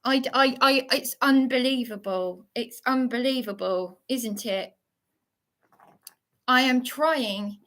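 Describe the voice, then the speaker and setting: A woman's voice: high voice, slow, fairly bright tone. Shaken, indignant woman live streaming. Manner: shaken, indignant, stumbling over words. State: shaky, worked up. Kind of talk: agitated live-stream monologue.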